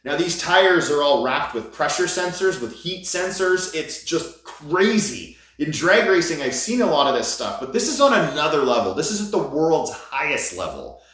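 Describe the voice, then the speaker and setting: A man recounts his story as a vlogger, gushing and animated, his voice leaping up whenever he gets excited. His pitch swings widely and lively throughout. The recording sits in a strongly echoing room. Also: moderate pace, hardly any pauses. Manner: animated, gushing, voice jumps high when excited. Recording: very echoey room.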